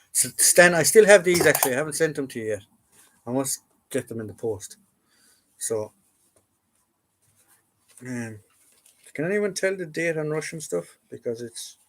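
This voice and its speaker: Rambling Irish man chatting live. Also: mid-range voice. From Ireland. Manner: rambling and chatty, with frequent restarts and fillers. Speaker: live-stream host. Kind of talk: casual live chat. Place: home room full of collectibles.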